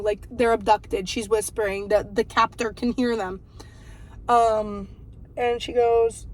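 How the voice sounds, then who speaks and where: A woman's voice: a little high, fairly even intonation, normal speed, a little hiss or hum, low-quality recording. A woman of twenty-eight, telling a rambling story in casual vlog chat, full of likes and ums. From New Jersey. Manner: chatty, rambling, lots of "like" and "um". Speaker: vlogger.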